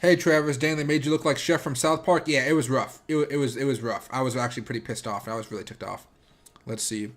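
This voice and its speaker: A man's voice: mid-range voice, steady tone, fast talker. A man hosting a livestream, chatting casually with viewers in a rambling way full of filler words. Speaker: livestream host.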